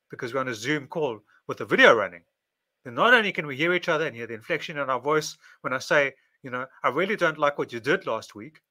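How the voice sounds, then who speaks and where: Bright-voiced man musing to camera. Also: medium pitch. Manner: repetitive, list-like phrasing. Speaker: video presenter. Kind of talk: casual monologue to camera.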